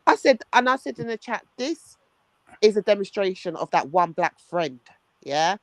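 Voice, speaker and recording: A man chatting casually on a podcast, telling a story in animated bursts and calling his listener "bro". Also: high-pitched, moderate pace, no room sound. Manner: animated, calls listener "bro", acts out quoted voices. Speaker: podcast co-host.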